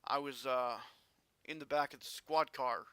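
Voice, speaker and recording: A man vlogging a personal story in an earnest, halting way with frequent restarts. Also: medium pitch, steady tone, fairly bright tone, smooth, no echo.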